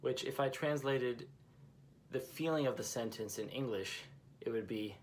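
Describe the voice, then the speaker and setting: A man's voice: mid-range voice, normal speed, a little hiss or hum. Patient man teaching a language lesson. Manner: patient, repeats each example phrase twice.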